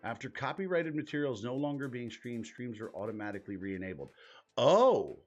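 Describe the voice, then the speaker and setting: A man's voice: mid-range voice, sing-song, fairly quick, highs cut off, soft background music. A man hosting a live stream in casual commentary, exasperated and swearing, muttering to himself as he searches his screen. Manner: profane, exasperated, thinking aloud while clicking around.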